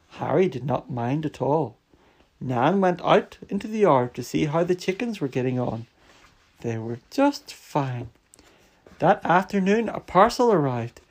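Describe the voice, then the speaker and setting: Expressive dad reading bedtime stories. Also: male voice, fairly high pitch. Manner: gentle, expressive storytelling with slow drawn-out phrases.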